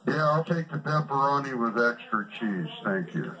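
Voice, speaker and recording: A man's voice: medium pitch, lively intonation, moderate pace, sharp tone. A man on a prank phone call who talks in abrupt, threatening, profane bursts. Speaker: prank caller.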